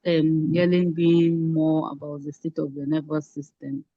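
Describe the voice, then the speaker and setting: A woman's voice: sits low, monotone, unhurried, mellow, no room sound, lo-fi sound. A woman in the audience asking a hesitant, stammering question over a video call.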